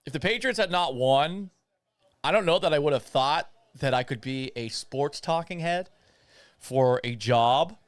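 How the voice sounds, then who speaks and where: A man's voice: a little high, lively intonation, a little slow, clear, resonant tone, no echo. A man in his thirties who grew up in Florida, hosting a casual live watch party, calling plays and reading viewer comments in a rambling, chatty way. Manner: rambling, reads viewer chat, play-by-play asides. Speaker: sports talk host.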